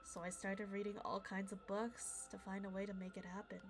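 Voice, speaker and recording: A woman reading aloud the lines of a calm, cold-hearted young man in a video game, in a measured, quietly mocking way. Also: medium pitch, over music, close to an everyday voice. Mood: confessional.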